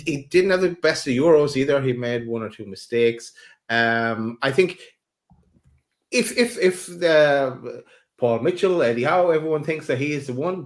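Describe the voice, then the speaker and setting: A man of middle pitch co-hosts a football podcast in a relaxed, friendly way. He pauses often and restarts his sentences. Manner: friendly, hesitant with frequent uhs. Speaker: podcast co-host. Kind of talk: casual football chat.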